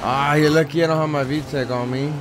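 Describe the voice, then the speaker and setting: A man's voice: fairly high pitch, fairly even intonation, fairly quick, noisy background. A young man giving casual gameplay commentary, joking around and trash-talking with plenty of swearing. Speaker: gamer.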